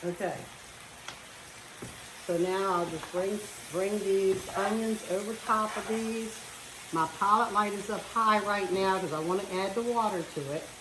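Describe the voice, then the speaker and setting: A woman's voice: mid-range voice, noisy background. Chatty woman cooking in an echoey kitchen. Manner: chatty, talks while cooking. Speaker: home cook. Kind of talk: casual cooking demonstration. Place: home kitchen. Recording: echoey kitchen with frying sizzle.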